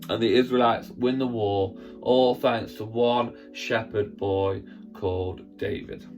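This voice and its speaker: A man, a church presenter, telling a Bible story in a lively, acted-out way with sound effects. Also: fairly low pitch, slow pace, soft background music.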